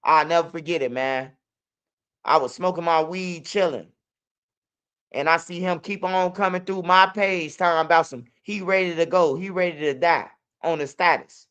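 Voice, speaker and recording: Man, Chicago accent, young adult, casual storytelling, profane, smooth clear voice, high-pitched. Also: normal speed, a bit bright. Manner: loose, profane street talk with repeated "bro" and "man". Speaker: interviewee.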